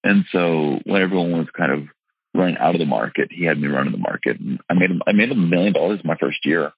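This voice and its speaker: Deep gravelly man telling his story. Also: fast, dry recording, phone-quality sound. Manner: earnest, emphatic, frequent restarts and "literally". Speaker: real estate investor and seminar teacher. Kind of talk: candid personal storytelling in an interview.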